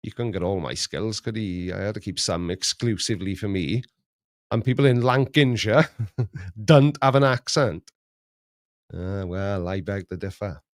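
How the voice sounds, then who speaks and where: A man's voice: fairly low pitch, a little slow, dry recording, clean studio sound. A middle-aged man hosting a casual live chat, joking, laughing often and reading out viewer messages. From Wales. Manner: jokey, laughs often, reads chat aloud. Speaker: livestream host.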